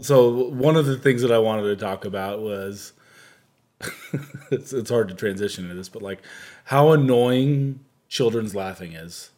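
A man's voice: fairly low pitch, measured pace, darkish tone. A man co-hosting a casual podcast chat, grumbling dryly and picking at the exact meaning of words. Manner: dry, pedantic, grumbling. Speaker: podcast co-host.

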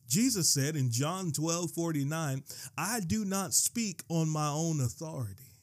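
A man preaching a sermon, slowing down for quoted verses and repeating lines for emphasis. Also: fairly high pitch, lively intonation. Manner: dramatic pauses and slowed quotations, building to shouting; repeats and rereads phrases for emphasis.

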